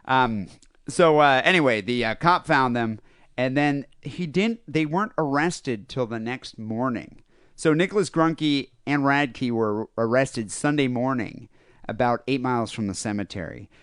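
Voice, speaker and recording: A man's voice: medium pitch, measured pace, fairly bright tone, clean tone, dry recording, studio quality. A man co-hosting a casual comedy podcast, rambling through a news story with lots of fillers and laughter. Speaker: podcast co-host.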